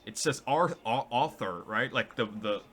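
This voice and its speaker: A man's voice: medium pitch, expressive, unhurried, a bit bright. A man vlogging in casual commentary, rambling with many restarts and self-corrections. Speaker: vlogger reading tweets.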